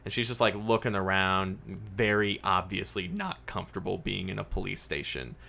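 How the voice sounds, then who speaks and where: A man's voice: low voice, expressive, moderate pace, vocal fry, bright, forceful tone. A man narrating a tabletop game as game master, rambling with many fillers.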